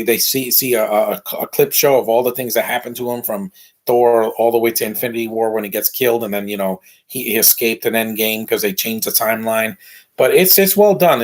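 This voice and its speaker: A man giving a casual spoken review as a YouTube channel host. He talks bluntly, rambles and often restarts his sentences. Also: medium pitch.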